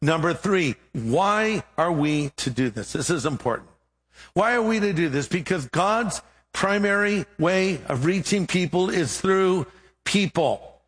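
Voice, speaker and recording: A man's voice: high-pitched, expressive, measured pace, a bit bright, in a large hall. A middle-aged man, a pastor, preaching a sermon and telling a humorous story with acted-out dialogue.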